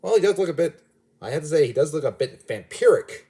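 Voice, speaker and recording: A man's voice: fairly high pitch, lively intonation, fast talker, warm tone. A man giving a casual, rambling movie review, often restarting and correcting himself mid-sentence. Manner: rambling, self-correcting, chatty.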